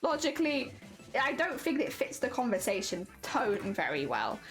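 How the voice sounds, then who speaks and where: A woman's voice: on the high side, sing-song, normal speed, faint music behind. A woman with a standard British accent, chatting casually on a stream while she works on a craft, rambling with restarts. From Hampshire, England.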